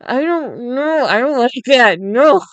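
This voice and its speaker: A woman's voice: on the high side, animated, slow pace, no echo, muffled recording. A young woman livestreamer chatting casually, incredulous and swearing freely. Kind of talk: casual chat while drawing.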